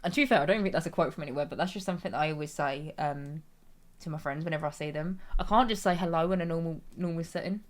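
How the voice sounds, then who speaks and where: A woman's voice: deep voice, rapid-fire. A woman, streaming a game and chatting in a giggly, rambling way. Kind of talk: casual gameplay commentary.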